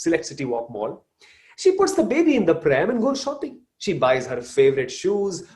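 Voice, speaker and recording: A man's voice: on the high side, mellow. A man, giving a live motivational talk and addressing the audience directly. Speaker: motivational speaker.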